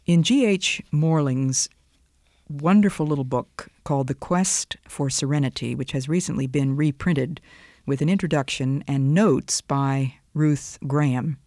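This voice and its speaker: A woman giving an earnest, expressive devotional talk, dropping now and then into soft whispers. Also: deep voice, a little slow, no echo, clean studio sound. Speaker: devotional speaker.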